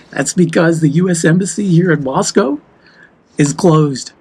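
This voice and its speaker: A man's voice: fairly high pitch, takes it slowly, breathy edge, rough recording. A man from the United States talking heatedly and emphatically in a walk-and-talk vlog. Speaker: vlogger.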